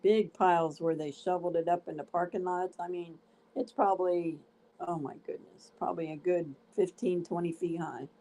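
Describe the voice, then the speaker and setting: Co-hosting a livestream from home with a dog around, a woman chats casually and exclaims often. Her voice is lowish, mellow and steady at a normal speed, though the audio quality is poor.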